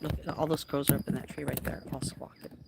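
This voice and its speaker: A woman with a low, rugged voice chats casually with her viewers outdoors in her backyard, breaking into a playful singsong to call to the animals. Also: flat delivery, quick pace, vocal fry, very noisy. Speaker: vlogger. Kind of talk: casual live chat with viewers.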